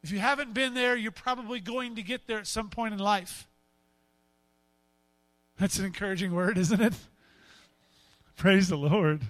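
A male pastor preaching a sermon in an animated way, often acting out quotes in different voices. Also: high-pitched, normal speed, long pauses, dry recording.

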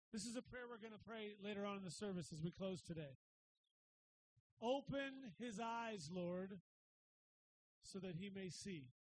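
A middle-aged man preaching a sermon as pastor, energetic and conversational, swinging from loud bursts to quiet asides and often asking "right?". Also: high-pitched, slight background noise, rough recording.

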